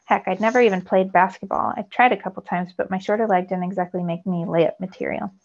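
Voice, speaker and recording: Woman teacher, gravelly voice, storybook read-aloud for kids, dull lo-fi sound. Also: medium pitch, fast talker. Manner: lively storytelling, rising with the action. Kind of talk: reading a novel aloud for students. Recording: dull lo-fi recording.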